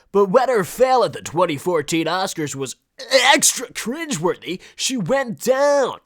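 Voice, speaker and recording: Young male podcast host, sarcastic riffing, lively swooping delivery, slightly high. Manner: animated, sarcastic, swears freely. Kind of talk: casual comedic commentary.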